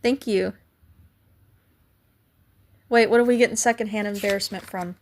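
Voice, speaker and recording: A woman's voice: medium pitch, steady tone, normal speed. A young adult woman hosting a casual livestream, chatting and thanking viewers by name, her voice cracking now and then. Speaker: livestream host.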